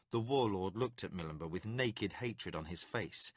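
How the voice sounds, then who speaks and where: A man reading a fantasy audiobook as scripted narration, dramatic and expressive. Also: lowish voice, unhurried, few pauses, dry recording, clean studio sound.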